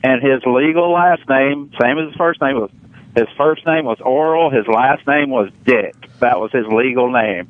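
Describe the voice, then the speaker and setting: A man's voice: medium pitch, moderate pace, dry recording. A man calling in to a radio show and telling a chatty anecdote. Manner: chatty storyteller. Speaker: caller. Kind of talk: phone-in anecdote. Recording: dull, dry phone-in audio.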